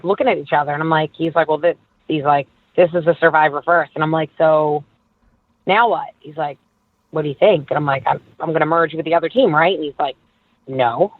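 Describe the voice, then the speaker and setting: A woman in her thirties, a former reality show contestant, tells stories as a guest in a casual interview, her voice sitting low. She's animated, says "like" a lot, and acts out who said what in quoted dialogue. The recording is dry and tinny, like a phone line.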